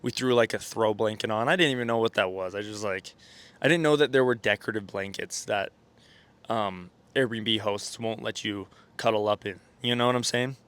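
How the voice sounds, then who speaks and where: Here a man with a lowish, fairly bright voice and blocked-up sinuses talks at a moderate pace in a relaxed motivational vlog. He's a self-improvement creator who wanders off track, corrects himself often, fills gaps with fillers, and keeps checking in with "right?" and "okay?".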